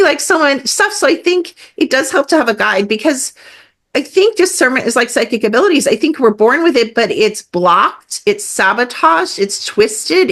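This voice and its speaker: A middle-aged woman talking as a guest on a podcast, animated and emphatic, with many fillers and acted-out quotes. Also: a little high. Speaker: guest energy healer. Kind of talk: casual podcast conversation.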